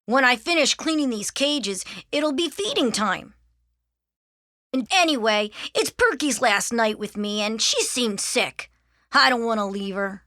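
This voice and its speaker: An earnest young boy from a storybook, put on by a woman reader talks in a high, bright voice that leaps up into excited calls. The delivery swings widely and sounds dry and close. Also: a little slow, no room sound.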